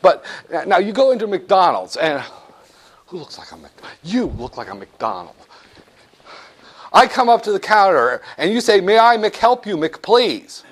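A man's voice: high voice, normal speed, long pauses, breathy edge. Guy teaching business law, voice jumping all over, hams up little skits for the class. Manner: animated, jokey, acts out little scenes. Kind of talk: classroom lecture.

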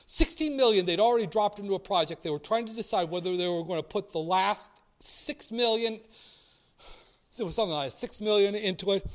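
A man's voice: high voice, brisk. A man lecturing on finance in a blunt, theatrical way, acting out little dialogues. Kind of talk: recorded lecture.

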